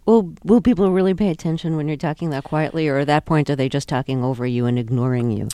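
A woman hosting a radio interview in the studio, asking measured, clear questions. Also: deep voice, warm tone, no echo.

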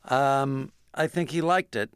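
A man's voice: mid-range voice, takes it slowly, clear, resonant tone, no echo, clean studio sound. A man as an interview guest, telling anecdotes in a wry way and often restarting his sentences. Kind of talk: interview storytelling.

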